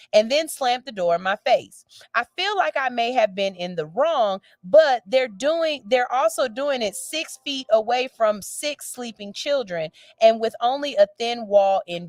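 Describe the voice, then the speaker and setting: A woman's voice: fairly high pitch, no echo. A woman radio host reads out a listener's letter and gives a blunt, sassy, profane verdict with theatrical outbursts.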